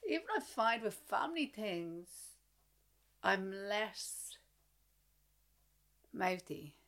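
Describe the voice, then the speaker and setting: A woman's voice: mid-range voice, sing-song, slow, a bit bright. A woman in her thirties co-hosting a podcast, talking casually and animatedly, swearing freely and acting out quoted exchanges. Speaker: podcast co-host. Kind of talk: casual chat.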